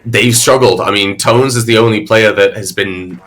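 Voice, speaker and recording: A man calling an esports match play-by-play, energetic and quick with his calls. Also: fairly low pitch. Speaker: esports commentator. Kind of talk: play-by-play commentary.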